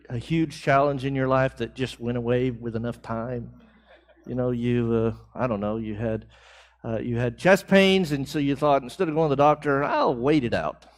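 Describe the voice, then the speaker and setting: A man leading a church Bible class, talking conversationally, asking the class questions and building emphasis on key phrases. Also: medium pitch. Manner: conversational, asks the class questions and answers back.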